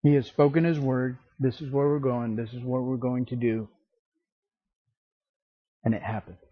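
A man preaching a sermon as pastor, slow and emphatic, acting out the scripture quotes. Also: medium pitch, flat delivery, slightly rough, dry recording, muffled recording.

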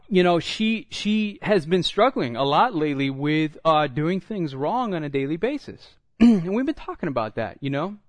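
A middle-aged man preaching a sermon, telling stories and acting out the dialogue, getting louder and higher when excited. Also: no echo. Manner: animated storytelling, acts out dialogue, rises when excited. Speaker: pastor.

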